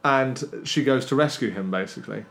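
An animated man co-hosting a casual chat podcast, sharing stories with frequent quick restarts. His voice sits at an ordinary middle pitch. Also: creaky.

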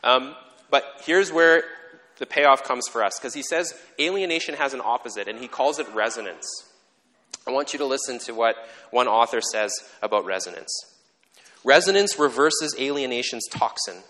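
Male pastor, middle pitch, earnest and reflective sermon delivery, long church-hall echo. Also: animated, moderate pace, sharp tone. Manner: earnest, reflective, explains ideas step by step. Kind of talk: conversational sermon. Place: church sanctuary.

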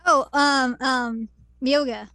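A woman co-hosting a podcast, chiming in with quick quips during an anime recap. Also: sits high, steady tone, pushed and bright, no room sound, clean studio sound. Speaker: podcast co-host. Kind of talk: casual anime recap chat.

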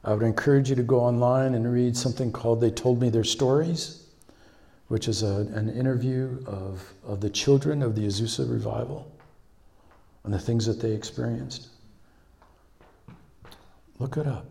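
An American man from California preaching a sermon as a visiting speaker, telling stories in an encouraging, animated way and repeating key phrases. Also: mid-range voice, normal speed, vocal fry, long pauses.

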